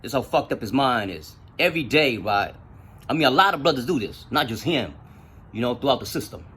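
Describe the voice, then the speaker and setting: A man telling stories in casual, profane street slang, with an animated retelling style. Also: mid-range voice, brisk, husky. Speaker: storyteller. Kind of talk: casual storytelling.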